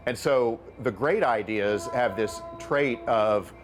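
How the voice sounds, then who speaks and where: Over music, a middle-aged venture capitalist who also writes books answers interview questions slowly and explanatorily. He speaks in a mid-range voice and often repeats words as his point takes shape.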